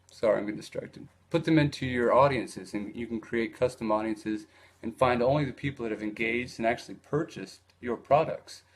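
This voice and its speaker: This medium-pitched man runs a casual live video about online advertising, and there's a bit of background noise. He talks in a loose, live-stream way, with frequent fillers and restarts.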